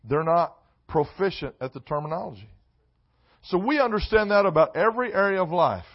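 A man preaches a sermon in a church. His high voice climbs into loud emphatic bursts and drops into joking asides. The recording sounds dull and lo-fi. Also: lively intonation, a little fast. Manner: preaching with rising shouts and comic asides. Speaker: pastor. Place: church sanctuary.

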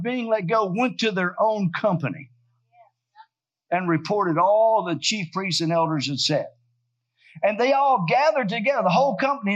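A man's voice: high voice, a bit bright. A man preaching a sermon as pastor, with rising fervor and frequent call-and-response.

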